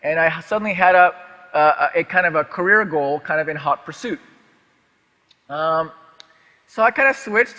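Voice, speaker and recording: A man with a high, pushed, bright voice and an American accent gives a stage talk to a live audience in a large lecture hall, where long hall reverb trails his words. He's chatty and self-deprecating, full of fillers and restarts.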